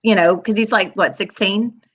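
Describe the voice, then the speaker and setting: A woman hosting a casual chat, talkative and quick to laugh. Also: mid-range voice, steady tone, lo-fi sound, slight background noise. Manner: chatty, laughs often, multitasking. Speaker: host.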